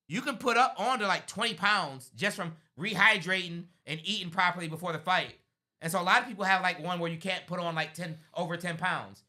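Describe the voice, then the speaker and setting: A man hosting a casual sports talk livestream, animated and chatty. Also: high voice. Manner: animated, says "bro" and "you know what I'm saying". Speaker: sports show host.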